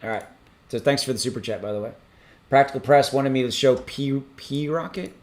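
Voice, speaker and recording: A man hosting a crypto livestream from a home setup, reading out viewer messages in a rambling, halting way with many ums and restarts. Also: medium pitch, darkish tone. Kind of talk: casual livestream chat reading super chats.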